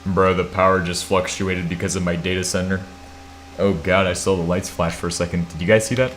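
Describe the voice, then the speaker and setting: Streamer, American man, very low voice, drowsy and muttering, self-mocking, faint hum in the room. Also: little pitch movement, brisk, a bit bright. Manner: thinks aloud while typing, swears, self-mocking. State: half asleep. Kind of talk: casual live-stream chat.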